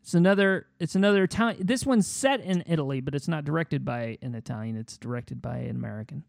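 A man improvising a silly film pitch in casual chat, halting with many fillers and restarts. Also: animated, vocal fry, no echo, studio quality.

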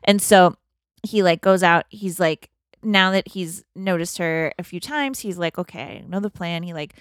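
A woman's voice: lowish voice, a little slow, dry recording, studio quality. A woman casually retelling a movie plot in a comedy podcast, acting out the characters' lines, with lots of "like" fillers. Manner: animated storyteller, acts out quotes, lots of "like". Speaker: podcast co-host.

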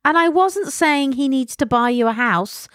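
A woman's voice: sits high, animated, moderate pace, a bit bright, no echo, studio quality. A woman co-hosting a podcast, chatting affectionately and telling stories full of asides. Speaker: podcast co-host. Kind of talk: casual chat.

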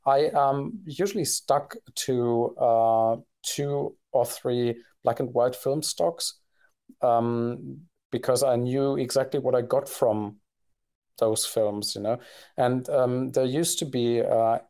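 A man's voice: mid-range voice, takes it slowly, dark tone. A man co-hosting a podcast in casual conversation, talking hesitantly with many fillers and restarts. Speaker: podcast co-host.

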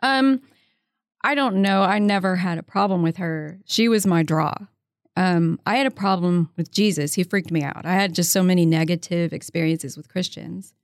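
A woman's voice: lowish voice, moderate pace, no room sound, clean studio sound. A woman guest, an author, talking casually. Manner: warm, storytelling, enthusiastic about her faith. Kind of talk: casual interview conversation.

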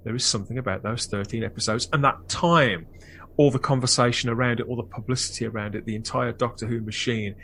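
A man's voice: medium pitch, quick pace, a bit bright, a little hiss or hum. Reflective man hosting a fan podcast. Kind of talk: casual chat and reflective narration.

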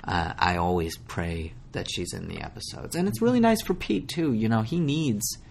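Animated, self-deprecating man from Minnesota. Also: fairly low pitch, normal speed, vocal fry, a little hiss or hum. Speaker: actor guest. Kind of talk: casual interview chat.

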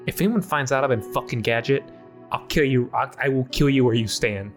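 A man's voice: medium pitch, fairly quick, close to an everyday voice. A hot-headed chipmunk tough guy, as a man improvises him blusters and brags. His voice sits mid-range and lifts when he pushes, with faint music underneath. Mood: blustering. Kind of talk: improv comedy scene.

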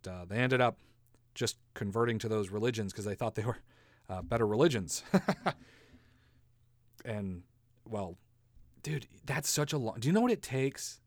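A man's voice: on the low side, no room sound, clean studio sound. A man hosting a casual comedy podcast, rambling and sarcastic, swearing casually and laughing at his own jokes. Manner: swears casually, slips into silly voices. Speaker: podcast host.

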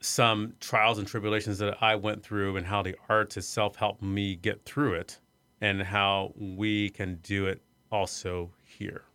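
A middle-aged man from Iowa telling a personal story in an interview, soft-spoken and hesitant, with many fillers and restarts. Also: low voice, smooth, no room sound. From Iowa, USA. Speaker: arts center executive director.

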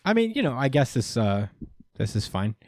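A man co-hosting a casual manga review podcast, relaxed and full of fillers, recapping with playful quoted voices. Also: medium pitch, normal speed, dry recording, studio quality. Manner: relaxed, many fillers, acts out characters in quotes. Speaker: podcast co-host.

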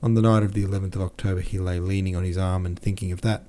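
Deep, mellow male audiobook reader. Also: flat delivery, very fast. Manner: plain reading with casual self-corrections and asides. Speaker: podcast host and audiobook reader. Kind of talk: reading a classic novel aloud.

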